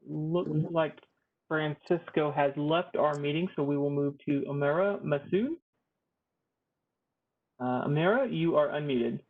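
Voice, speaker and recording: A man's voice: on the high side, unhurried, long pauses. A man moderating a public meeting, calling on commenters one by one and repeating their numbers and names. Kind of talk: procedural meeting announcements. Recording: tinny phone-line audio.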